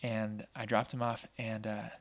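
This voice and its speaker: Energetic talkative man telling a story. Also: on the low side, a little slow. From Oregon, US. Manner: energetic, talkative, acts out quoted voices; frequent fillers like "like" and "um". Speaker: podcast guest, small business owner. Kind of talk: casual storytelling in an interview.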